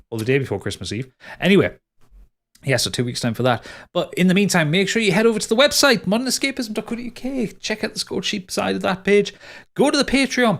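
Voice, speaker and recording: Man, game master, rambling upbeat outro, fairly high lively voice. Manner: rambling, lots of restarts and laughs, upbeat. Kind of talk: casual podcast outro chat.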